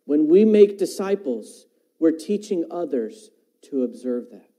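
A man's voice: fairly high pitch, sing-song, a little slow, mellow. A man preaching a sermon in an earnest way, repeating phrases and asking the listeners rhetorical questions. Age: adult parent.

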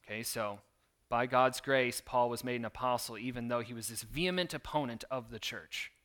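A man delivering a sermon with a bright, forceful tone. He reads scripture and then explains it in an earnest, conversational way, slipping in casual asides as he goes. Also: mid-range voice, moderate pace. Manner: earnest, conversational preaching with fillers and scripture readings. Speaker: pastor.

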